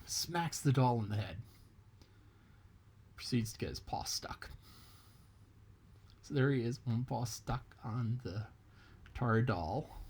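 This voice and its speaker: A man's voice: medium pitch, lively intonation, measured pace, long pauses, slightly rough. A man telling a folk tale in a casual, chatty way, stopping to explain things as he goes. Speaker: storyteller.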